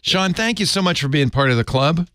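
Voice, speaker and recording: A man hosting a podcast in an easygoing way, thanking listeners and leading into segments with drawn-out fillers. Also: fairly high pitch, lively intonation, a bit bright, no room sound, clean studio sound. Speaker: podcast host.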